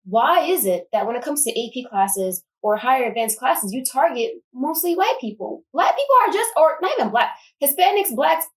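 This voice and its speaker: A woman's voice: high voice, very animated, distant mic, low-quality recording. A young woman talking passionately in a casual discussion, packing her speech with fillers like "like". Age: young adult. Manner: passionate, fast, filler-heavy. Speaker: student guest.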